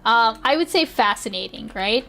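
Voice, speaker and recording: A woman's voice: on the high side, animated, normal speed, pushed and bright, a little hiss or hum. A young woman streaming live, chatting casually in a giggly, rambling way with lots of restarts. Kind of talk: casual livestream chat.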